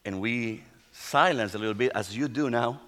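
A middle-aged man, a pastor whose first language is Spanish, tells a testimony in a sermon in halting English full of restarts. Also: medium pitch, a bit bright. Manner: non-native English, halting storytelling with restarts.

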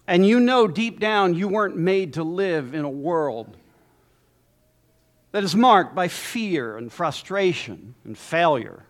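A man preaching a sermon as pastor, emphatic with dramatic pauses and lists. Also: high-pitched.

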